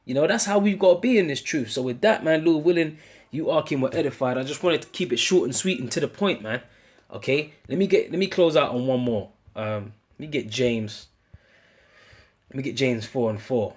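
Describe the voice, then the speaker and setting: In a husky, medium-pitched voice and at a brisk pace, a British man preaches an informal street-style sermon. Hailing from the United Kingdom, he uses casual slang, restarts himself a lot and closes phrases with "man".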